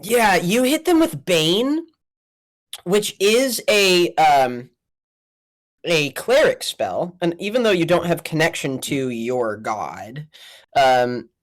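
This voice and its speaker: A woman narrating as game master of a tabletop game, animated and chatty. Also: low-pitched, takes it slowly. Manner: animated, counts squares under breath.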